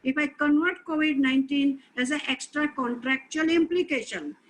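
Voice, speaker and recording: A middle-aged woman delivers a lecture in a high, light voice. She speaks earnestly and with emphasis, coming back to her key points to stress them. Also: moderate pace, a little hiss or hum, low-quality recording.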